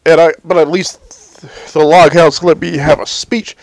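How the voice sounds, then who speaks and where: A man, a comedian, talking unscripted about a painful personal experience in a halting, raw, profane way. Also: on the high side, steady tone, dry recording, rough recording. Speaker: comedian telling a personal story.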